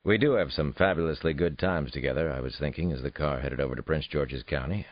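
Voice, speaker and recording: A man's voice: very deep voice, a little fast, no room sound. A man reading a thriller audiobook in the first person, with wry, affectionate storytelling. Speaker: audiobook narrator. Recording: dull, muffled studio read.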